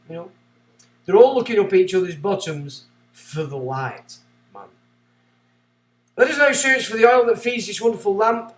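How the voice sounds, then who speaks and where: On a livestream, a man whose voice sits fairly high reads book passages aloud. He keeps drifting into rambling, excitable tangents, and the audio sounds roomy with a noticeable echo.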